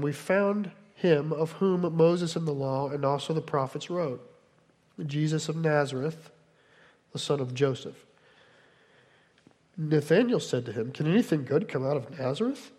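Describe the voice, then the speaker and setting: A man's voice: fairly high pitch, darkish tone, big-room sound. A man preaching a sermon as pastor, teaching in a conversational way with frequent asides to the congregation. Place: church hall in Delaware.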